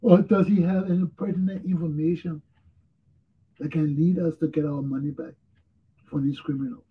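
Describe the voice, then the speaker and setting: A man's voice: on the high side, steady tone, moderate pace, breathy edge, narrow, tinny audio. A male talk show host, tired and yawning, giving blunt, repetitive commentary on his own. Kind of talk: casual solo commentary.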